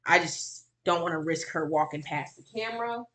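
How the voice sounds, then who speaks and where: A woman streamer giving sarcastic reaction commentary on a video, swinging from mocking exclamations to low muttering. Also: moderate pace, a bit bright.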